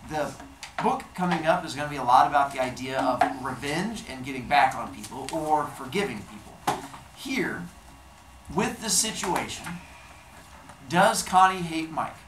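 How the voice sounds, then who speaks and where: Male teacher, reads a novel aloud to his class, lively pitch, roomy classroom sound, faint background hum. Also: moderate pace. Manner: expressive reading aloud, acting out dialogue. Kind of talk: reading a novel aloud to a class, then discussion.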